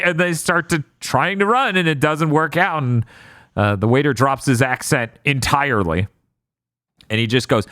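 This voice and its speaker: A man co-hosting a casual podcast, recapping an episode with sardonic asides and quick put-on character lines. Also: medium pitch, a bit bright, no room sound, clean studio sound.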